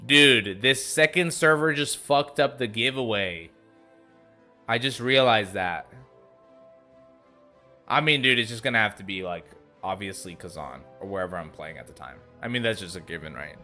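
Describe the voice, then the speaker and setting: A man's voice: on the low side, animated, normal speed, sharp tone. A young man from the US East Coast, a streamer chatting casually and swearing as he reads chat aloud. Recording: faint music behind.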